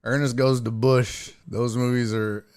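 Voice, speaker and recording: A man's voice: mid-range voice, little pitch movement, a little slow, a little mellow, smooth. A man hosting a live stream, telling a story in a profane, ranting, casual way. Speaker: host.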